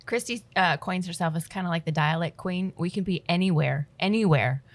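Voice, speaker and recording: A woman's voice: lowish voice, fairly quick, no echo. A woman co-hosting a podcast, chatting casually with her guest. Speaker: podcast co-host. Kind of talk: casual interview chat.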